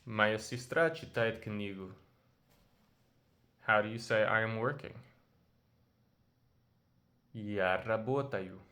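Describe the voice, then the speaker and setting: Male language teacher, slow and patient, drills short phrases. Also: lowish voice, bright, forceful tone. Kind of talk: audio language lesson.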